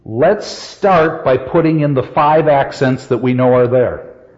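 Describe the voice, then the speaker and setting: An older man teaching a poetry class, reading verse aloud with slow, emphatic stress and putting questions to his students. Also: medium pitch, a little mellow. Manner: asks the class questions and answers them. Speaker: literature teacher. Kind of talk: classroom lecture. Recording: dull, lo-fi sound with long hall reverb.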